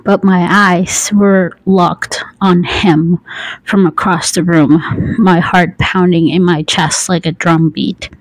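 A woman narrating a romance story as whispered role-play, in a soft, breathy half-whisper. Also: on the low side, flat delivery, slow, dry recording, low-quality recording.

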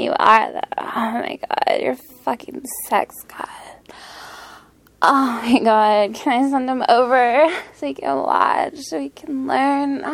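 Young woman playing a teasing lover, whispered role-play, high voice, slow and breathy, gravelly fry, dry close mic. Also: no room sound, exaggerated voice.

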